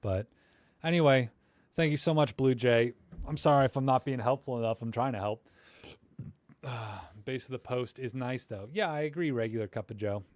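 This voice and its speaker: A man with a medium-pitched, darkish voice speaks at a moderate pace, with no echo. Hosting a live stream, he critiques viewers' photos in a casual, rambling, self-deprecating way full of fillers, staying friendly and encouraging toward them.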